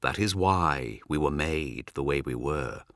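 A man voicing a grand, scheming ageless man for an audiobook, speaking slowly and grandly. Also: a bass voice, animated, a bit bright, no echo, clean studio sound, voice pushed down, exaggerated voice. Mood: grandiose. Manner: slow, grandiose.

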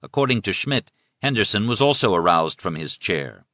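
A man reading a history book aloud as scripted narration, in a measured, formal way. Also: on the low side, lively intonation, fairly bright tone, no room sound, clean studio sound. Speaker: audiobook narrator.

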